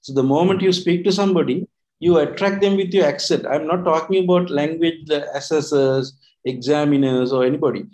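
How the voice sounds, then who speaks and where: A man's voice: fairly high pitch, brisk, darkish tone, rough recording. Rambling man teaching English. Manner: rambling, repeats words and restarts, many fillers. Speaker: co-host of an English-learning talk. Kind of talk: casual teaching chat.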